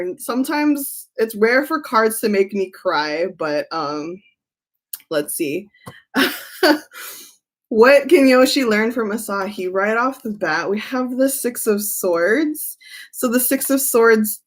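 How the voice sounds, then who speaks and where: A woman's voice: a little high, animated, measured pace. A woman doing a live-stream tarot reading, chatty and given to laughing as she talks. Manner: chatty, laughs often, reads chat aloud.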